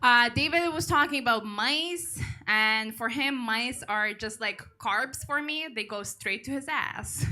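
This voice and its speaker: A Ukrainian woman hosts a comedy night from the stage, speaking slowly and deliberately. Her voice is bright and sits a little high. She is dry in her delivery and urges the crowd to cheer. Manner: dry, pushes the crowd for applause. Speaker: comedy show host. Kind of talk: stand-up hosting.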